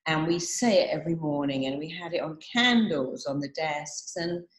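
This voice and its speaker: A woman with a fairly low voice speaks in a motivational talk, moving from one client story to the next and repeating short affirmations. Her voice carries a noticeable room echo. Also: normal speed.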